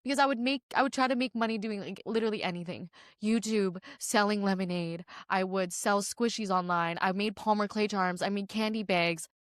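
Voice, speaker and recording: A young woman talks quickly and candidly, as if telling a story on her own podcast. She rambles and fills her sentences with "like." The sound is dry and close to the mic, with no room around it. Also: mid-range voice, smooth, no echo. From Canada. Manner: rambling, many "like"s, emphatic and candid. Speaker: podcast host. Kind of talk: casual storytelling monologue.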